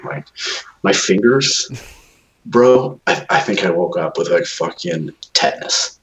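A man's voice: low-pitched, very animated, normal speed, fairly bright tone, slight background noise, low-quality recording. A young man casually telling a long, profane, rambling story about moving into his new house. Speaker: new homeowner. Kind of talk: casual chat.

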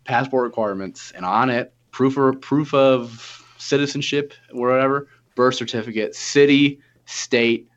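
A man in his twenties, with a mid-range voice and a measured pace, tells a story in casual chat with hardly any pauses. He swears freely and acts out the voices of the people involved, quoting their dialogue, and the audio is dull and lo-fi.

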